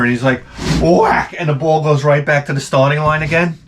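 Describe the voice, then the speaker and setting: A man's voice: on the high side, fairly even intonation, a little fast, noisy background. A man hosting his own channel, telling rambling, profane comic stories in a casual rant. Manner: rambling, profane, self-interrupting storyteller. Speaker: channel host.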